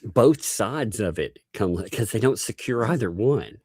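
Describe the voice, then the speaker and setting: Laughing through his sentences with frequent chuckling asides, a Bronx-born host runs a relaxed live-stream chat. He speaks in a lowish, husky, darkish voice, expressive and at a measured pace. The sound is dry and studio quality.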